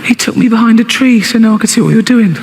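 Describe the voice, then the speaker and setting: A man's voice: very high voice, racing, big-room sound, slight background noise, pitched above the performer's own voice. A man voicing a six-year-old girl in a stand-up routine, chirpy and innocent. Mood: matter-of-fact.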